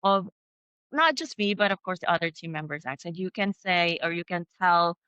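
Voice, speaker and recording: A woman's voice: fairly low pitch, moderate pace, sharp tone, clear, resonant tone, dry recording, muffled recording. A woman with a Filipino accent, an interview guest speaking carefully and earnestly, sometimes hesitant. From Philippines. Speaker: executive assistant, guest. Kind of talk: video interview.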